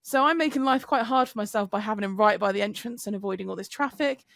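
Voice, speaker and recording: A woman on a podcast, telling an animated story with swearing. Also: mid-range voice, quick pace, gravelly, no room sound, studio quality. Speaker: podcast co-host. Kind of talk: casual chat.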